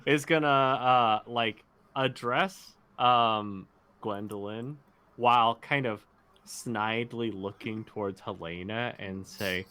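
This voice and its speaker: A player explaining their character's moves in a drawn-out, giggly way. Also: medium pitch, sharp tone, smooth. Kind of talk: casual tabletop game play.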